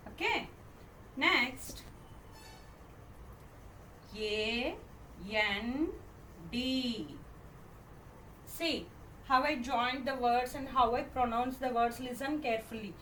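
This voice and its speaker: A woman with an Indian English accent and a slightly high, fairly bright voice teaches first graders phonics, spelling each word letter by letter before saying it slowly. She repeats questions and often checks with "okay?" The classroom recording is echoey, with a distant mic and faint noise.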